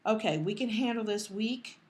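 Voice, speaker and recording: A woman's voice: medium pitch, expressive. Middle-aged woman telling an emotional story. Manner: emotional, halting with restarts, quoting others. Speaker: podcast co-host. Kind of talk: casual storytelling.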